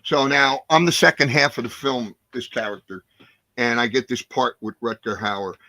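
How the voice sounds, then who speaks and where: A man in his sixties, a guest actor telling animated, profane stories in a casual interview. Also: medium pitch, normal speed, no echo. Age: 60s. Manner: animated, profane, acts out scenes.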